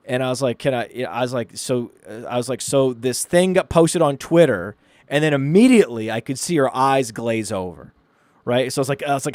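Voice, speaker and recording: A man co-hosting a podcast, telling stories in an animated, ranting way. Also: medium pitch, moderate pace, no room sound. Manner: animated storyteller, rants excitedly. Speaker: podcast co-host. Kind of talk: casual podcast chat.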